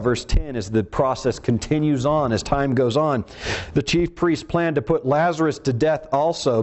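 A man's voice: mid-range voice, darkish tone. A man preaching a teaching sermon in a conversational way, acting out the quoted lines in voices of their own.

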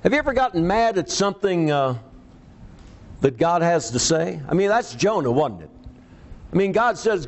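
Male preacher, lively pitch swings, higher-pitched, emphatic pauses for stress. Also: highs cut off. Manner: reads scripture aloud. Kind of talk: sermon.

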